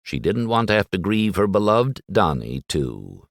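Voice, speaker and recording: Low-voiced male audiobook narrator. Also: very animated, creaky, no echo, studio quality. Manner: measured, dramatic storytelling.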